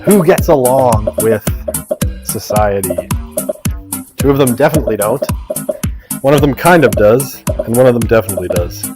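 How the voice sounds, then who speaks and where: In a lecture classroom, a man teaching a university sociology class reads quiz questions aloud, tossing in joking asides and teasing his students. His voice sits at a medium pitch with big swings, and he speaks at a moderate pace, pausing often, over music.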